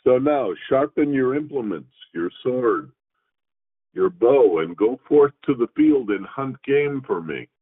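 Male Torah teacher, measured reading with teaching asides, tinny radio broadcast. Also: mid-range voice, lively intonation, husky. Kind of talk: scripture reading with commentary.

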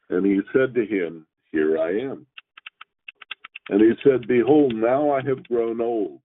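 Male Torah teacher, measured reading with teaching asides, tinny radio broadcast. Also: on the low side, husky. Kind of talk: scripture reading with commentary.

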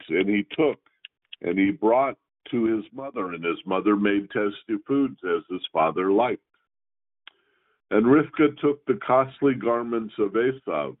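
A man reading scripture aloud and pausing to explain it as a Torah teacher, in a slow, measured way. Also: on the low side. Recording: phone-like radio broadcast.

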